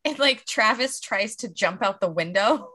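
A woman's voice: medium pitch, animated, normal speed, pushed and bright. A woman co-hosting a casual chat, rambling and leaning on "like" as she tells stories. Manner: rambling, heavy use of "like", restarts.

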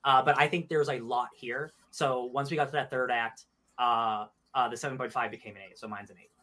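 Fast-talking eager man on a podcast. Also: medium pitch, steady tone, sharp tone. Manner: quick, eager, repeats words. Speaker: podcast co-host. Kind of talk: casual review chat.

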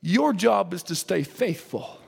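A man preaching a sermon, storytelling and acting out biblical characters, swinging from shouts to hushed asides. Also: high-pitched, lively intonation, measured pace, creaky, slightly rough. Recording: long hall reverb.

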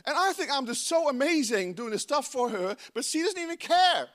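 Animated Dutch-accented man preaching. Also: extremely high pitch, brisk. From Netherlands. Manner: animated, playful, laughs at himself. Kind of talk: sermon.

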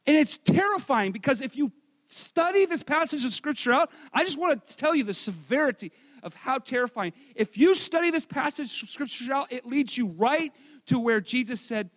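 A man preaching a sermon in a strikingly high voice that leaps up and down with animation. He preaches loudly and energetically, then drops into quiet, joking asides about himself. His delivery keeps swinging between near-shouting and soft, confiding remarks. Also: normal speed, big-room sound. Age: adult, married. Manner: energetic, loud preaching with self-deprecating asides. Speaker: pastor.

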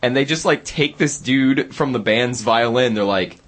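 A man's voice: mid-range voice, normal speed, fairly bright tone. A young man hosting a casual college radio show, telling rambling stories with lots of fillers. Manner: rambling, chatty storyteller with many fillers.

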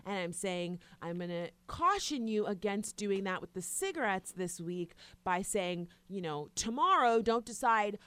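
A young adult woman chatting casually as a podcast co-host, animated and teasing, acting out her husband's outbursts. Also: medium pitch, unhurried, hardly any pauses, clear, resonant tone. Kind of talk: casual chat.

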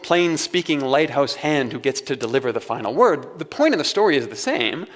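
Man, pastor, conversational sermon, wry asides, somewhat high voice, long hall reverb.

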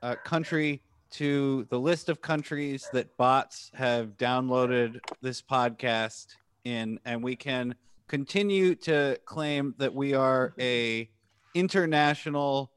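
A man's voice: mid-range voice, slow pace, smooth, no room sound, clean studio sound. A man co-hosting a casual podcast chat, joking and rambling, sometimes slipping into silly voices. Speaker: podcast co-host.

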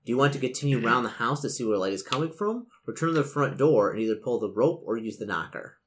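A man's voice: mid-range voice, lively intonation, fast, a bit bright, slight background noise. A man acting as game master, reading a gamebook's narration to his players with dry asides.

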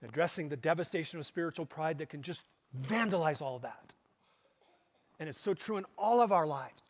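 A male pastor preaching a sermon, pressing hard on key words and then dropping to hushed, low asides. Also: normal speed. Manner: emphatic, swings between loud stresses and hushed low asides. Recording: long hall reverb.

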